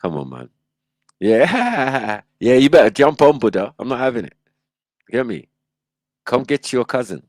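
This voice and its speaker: A man's voice: mid-range voice, big pitch swings, normal speed, long pauses, darkish tone, no room sound. A man hosting a livestream, reacting in casual, slangy commentary and laughing often. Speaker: livestream host.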